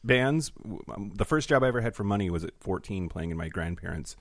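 A man's voice: fairly low pitch, lively intonation, fast, no echo, clean studio sound. An American man, a guest on a podcast, chatting easily and laughing often. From United States. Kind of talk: casual chat.

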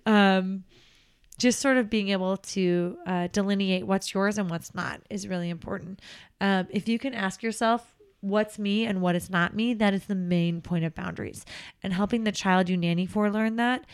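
A woman's voice: medium pitch, normal speed, clean tone. A woman who works as a nanny, chatting on a podcast and giving earnest advice with frequent ums and laughs. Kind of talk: casual podcast chat.

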